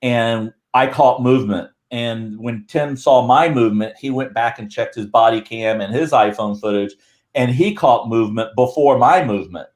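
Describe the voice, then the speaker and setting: A man talks as a podcast guest in a loose, rambling way. His voice sits at an everyday middle pitch. He tells his story with lively energy. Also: moderate pace. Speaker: guest Bigfoot researcher. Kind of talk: casual podcast chat.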